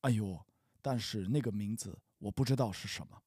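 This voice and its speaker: A man's voice: fairly low pitch, fairly quick, warm tone, husky, no echo, clean studio sound. A man reading the part of a boastful, secretive young man in a practice dialogue, teasing and evasive.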